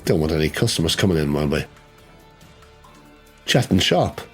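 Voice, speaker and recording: A sly, smooth-talking Irish shopkeeper's wife, as a man plays her in a tabletop game. The voice is husky and lively in pitch, and it coaxes more than it asks. Faint music sits behind it. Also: normal speed, exaggerated voice. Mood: coaxing.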